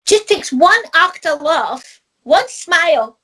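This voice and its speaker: Scottish woman, middle-aged, high bright voice, chatty spiritual teacher who laughs a lot. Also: slow. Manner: lively storyteller who laughs often. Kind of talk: casual chat.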